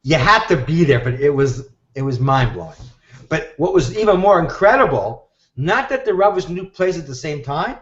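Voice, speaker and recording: A man telling a story in an animated way and acting out the voices of the people he quotes, heard over a live video call. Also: on the high side, moderate pace. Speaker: guest teacher. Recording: echoey, dull video-call audio.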